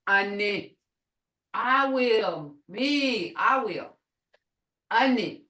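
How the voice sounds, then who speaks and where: Slow, syllable-stressing woman teacher. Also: on the high side, animated, pushed and bright. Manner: slow, deliberate, sounding out syllables. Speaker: language teacher. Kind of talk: online language class. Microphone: video call.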